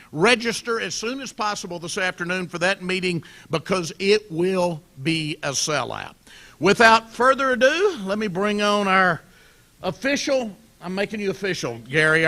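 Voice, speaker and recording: A middle-aged man hosting a club luncheon, telling stories with a jovial manner and quick asides. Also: high-pitched, bright, forceful tone. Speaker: event host. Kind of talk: luncheon emcee remarks.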